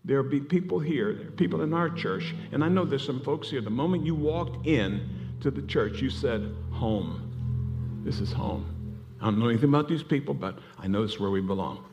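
Male pastor, lively storytelling sermon, music playing underneath. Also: medium pitch, a little fast. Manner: storytelling preacher, animated, laughing asides.

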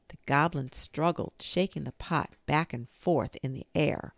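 A woman reading a children's storybook aloud in a slow, expressive manner. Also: sits low, gravelly, no room sound. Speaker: narrator.

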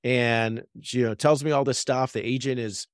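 A man's voice: medium pitch, steady tone, normal speed, smooth, no echo, studio quality. Earnest man telling a story on a podcast. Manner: earnest storytelling, frequent "right?" tags. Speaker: real estate agent and podcast co-host. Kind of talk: casual faith-based business podcast chat.

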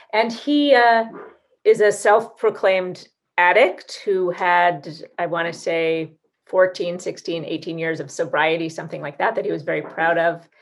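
Chatty woman podcast co-host. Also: lowish voice. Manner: chatty, animated storyteller. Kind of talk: casual conversation.

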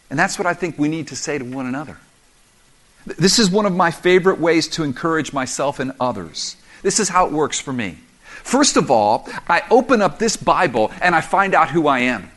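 A man's voice: on the high side, sing-song, moderate pace, fairly bright tone. A middle-aged man preaching a sermon as a pastor, conversational and humorous, telling self-deprecating stories.

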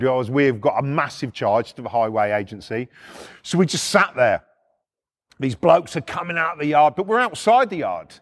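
A middle-aged man spins a rowdy yarn and swears at nearly every turn. His voice sits high for a man, and he jumps into other people's voices as he tells it. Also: normal speed. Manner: animated, swears constantly, acts out voices. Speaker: podcast storyteller. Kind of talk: casual anecdotal storytelling.

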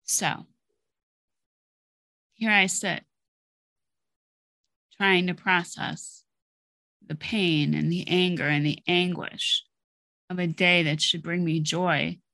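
A woman's voice: fairly low pitch, steady tone, takes it slowly, vocal fry, long pauses, pushed and bright, no room sound. A middle-aged woman hosting her own podcast, telling a personal story in a blunt, candid way and swearing freely. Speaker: podcast host. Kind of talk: personal monologue.

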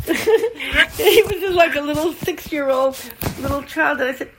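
A woman's voice: high voice, measured pace. Older female Zen teacher, storytelling dharma talk, laughs easily; slight room noise. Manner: warm storytelling, laughs often.

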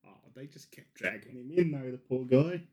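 A man's voice: medium pitch, normal speed, darkish tone. A man co-hosting a podcast, chiming in with jokes and laughing side comments. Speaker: podcast co-host. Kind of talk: casual chat.

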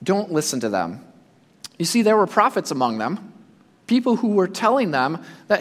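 A man preaching a sermon, speaking in an animated way and acting out the imagined voices of his listeners. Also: sits high, normal speed, big-room sound. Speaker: pastor.

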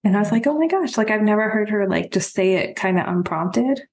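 A woman in her thirties, a guest talking openly and earnestly about her own life, soft-spoken and full of fillers. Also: mid-range voice, fairly even intonation, brisk. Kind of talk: personal conversation. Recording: roomy echo.

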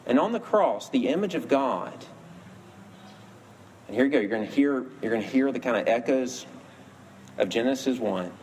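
Male preacher, sermon delivery, earnest storyteller, average pitch, faint background hum. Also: lively intonation, normal speed, pauses often, darkish tone. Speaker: pastor.

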